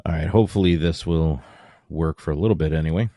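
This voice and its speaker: A man's voice: a bass voice, fast talker, warm tone, no echo, clean studio sound. A man co-hosting a podcast, chatting casually about a horror movie, rambling and swearing, sometimes acting out lines in mock voices. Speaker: podcast co-host.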